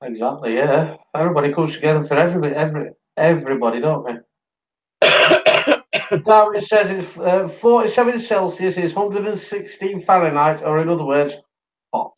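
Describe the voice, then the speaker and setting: A man's voice: on the high side, normal speed, lo-fi sound. A man from Sheffield with a Yorkshire accent, hosting a casual livestream, chatting and reading out viewer comments, tired. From Sheffield, England. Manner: chatty, reads out viewer comments, laughs often. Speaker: livestream host.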